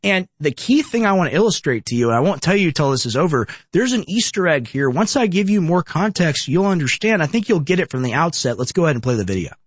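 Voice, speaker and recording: A man's voice: fairly high pitch, sing-song, quick pace, few pauses, husky, no echo. A young man hosting political commentary, emphatic and ranting, firing off repeated rhetorical questions.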